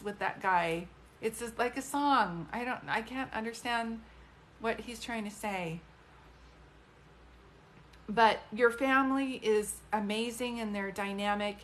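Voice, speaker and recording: A woman with a somewhat high voice gives a psychic reading on a livestream. She talks in an emotional, gushing way and speaks straight to her viewers by name. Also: unhurried, a bit bright. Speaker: psychic medium. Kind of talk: live-streamed reading.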